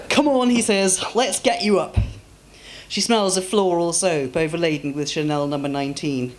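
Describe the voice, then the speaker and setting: A woman author reading her own story aloud in a measured, expressive way at a live reading. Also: sits low.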